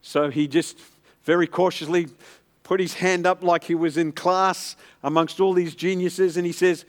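A pastor preaching a sermon, telling stories and calling out for the congregation to answer back. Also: male voice, high-pitched, level tone, moderate pace. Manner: storytelling preacher, calls for congregation responses.

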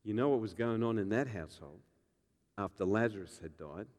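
A man, a pastor preaching a sermon with animated, joking storytelling and acted-out voices. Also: fairly low pitch, a little fast, long reverb tail.

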